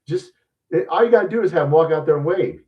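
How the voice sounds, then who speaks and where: A man's voice: fairly high pitch, expressive, quick pace, recorded from a distance, highs cut off. Blunt, profane man ranting about sports. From lives in Louisiana. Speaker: podcast host. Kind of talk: casual sports opinion rant.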